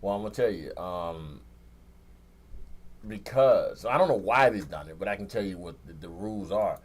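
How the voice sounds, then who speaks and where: A radio talk show host with a low voice and lively intonation speaks at a moderate pace. He chats casually in a laid-back, rambling manner, frequently restarting.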